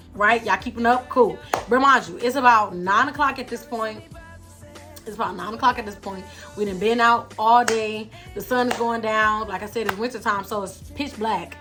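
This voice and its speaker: A young adult woman telling a storytime vlog in an animated, slangy way, talking straight to her viewers. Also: mid-range voice. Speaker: vlogger.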